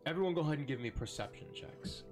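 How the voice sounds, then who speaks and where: A man running a tabletop game as game master, describing scenes slowly with many ums and likes. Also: on the high side, animated, faint music behind.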